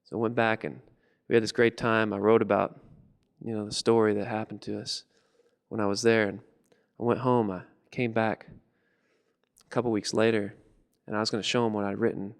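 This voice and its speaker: A man telling a story on stage and performing spoken word poetry in an animated, humorous, self-deprecating way. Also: lowish voice, fairly quick, vocal fry, long pauses, long reverb tail.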